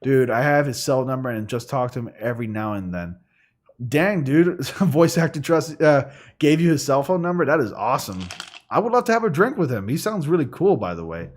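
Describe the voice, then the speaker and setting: A man hosting a gaming livestream, chatting casually in a rambling way, full of fillers. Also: medium pitch. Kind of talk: casual chat while streaming. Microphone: studio condenser microphone.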